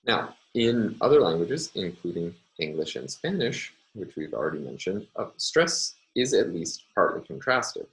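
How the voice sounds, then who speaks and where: A middle-aged man giving a recorded university lecture, explaining step by step in a measured way with frequent ums and uhs. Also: sits low, sing-song, rough recording.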